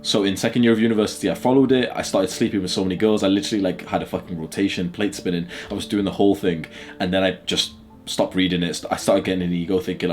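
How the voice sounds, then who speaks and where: A man's voice: low voice, fairly even intonation, fast, a little mellow, faint music behind. Blunt, crude man in his twenties. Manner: blunt, crude, laughs a lot. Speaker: channel host. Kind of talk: casual chat.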